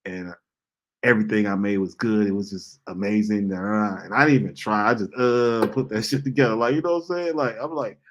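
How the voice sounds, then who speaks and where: A man's voice: lowish voice, fairly quick, highs cut off, a little hiss or hum. A man, hosting a casual monologue and telling stories in blunt, profane slang. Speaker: host.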